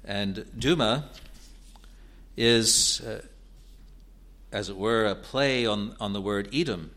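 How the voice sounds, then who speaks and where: A man preaching an expository sermon in a deliberate, earnest way, building to emphatic rises. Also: lowish voice, a bit bright.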